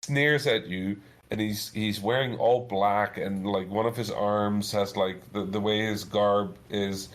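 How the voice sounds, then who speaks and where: A man in his thirties, a guest game developer, telling a story in a chatty, animated way full of filler words. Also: fairly low pitch, measured pace, few pauses. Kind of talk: casual storytelling.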